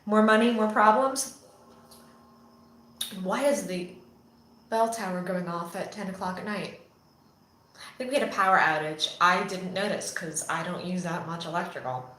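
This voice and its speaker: A woman's voice: medium pitch, sharp tone. A woman talking casually to camera from a phone on a selfie stick, rambling in a chatty way, with frequent fillers and restarts. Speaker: channel founder and ministry vlogger. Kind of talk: casual spoken reflection to camera. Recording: echoey room, faint background hum.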